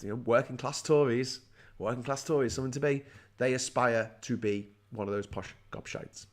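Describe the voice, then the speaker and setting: A man in his forties delivering an angry political rant. He is sarcastic and swears freely, with quick bursts of talk that trip over restarts and repeated words. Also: mid-range voice, a bit bright. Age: 40s. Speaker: host. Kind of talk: ranting political commentary.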